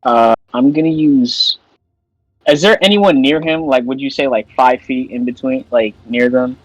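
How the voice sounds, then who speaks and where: A man's voice: mid-range voice, unhurried, dry recording, highs cut off. A man taking part as a player in a tabletop game, easygoing and casual.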